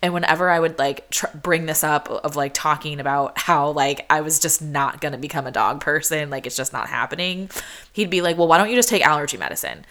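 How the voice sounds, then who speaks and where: A woman's voice: low-pitched, moderate pace, bright, forceful tone. A young woman hosting a podcast, talking casually and chattily with lots of "like", acting out what people said. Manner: chatty, peppered with "like", acts out quotes. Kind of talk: casual chat.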